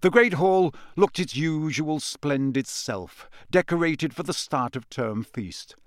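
A man narrating a fantasy audiobook in a measured, expressive storytelling manner. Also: fairly high pitch, dry recording, studio quality. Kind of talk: scripted narration.

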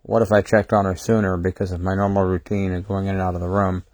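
Tired man with a low, flat voice. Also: no echo. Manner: halting, many fillers and restarts. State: tired, short on sleep. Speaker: livestream host. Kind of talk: casual livestream talk.

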